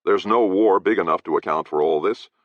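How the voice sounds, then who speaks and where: A man voicing a gruff, blunt male sea captain who barks orders, in a dry, slightly dull recording. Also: low voice, a little fast, no room sound, pitched above the performer's own voice. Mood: commanding. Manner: barking orders, short-tempered.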